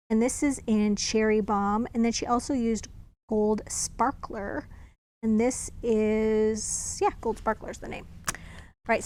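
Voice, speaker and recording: A chatty woman walks viewers through a card-making technique, thinking aloud as she works. Her voice sits a touch higher than most. She keeps it casual and friendly. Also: darkish tone. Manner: chatty, talks while working, thinks aloud. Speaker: craft demonstrator. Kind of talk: casual crafting tutorial.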